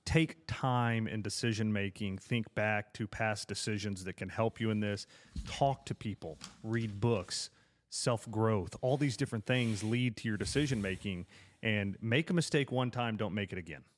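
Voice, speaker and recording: A young man co-hosts a casual business podcast. His voice is fairly low, and he answers in an agreeable, quick, matter-of-fact way. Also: a little hiss or hum. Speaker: podcast co-host.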